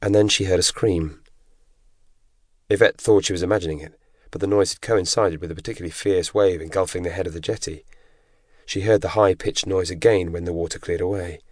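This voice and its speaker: A man narrating an audiobook in a measured, dramatic storytelling manner. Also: sits low, steady tone, dry recording. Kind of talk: scripted narration. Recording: dry close studio recording.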